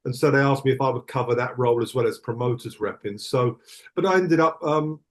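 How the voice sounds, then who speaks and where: A man's voice: mid-range voice, a little fast. A middle-aged man, a tour manager guest on a podcast, chatting casually in a reflective, rambling way with many restarts. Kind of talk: casual chat.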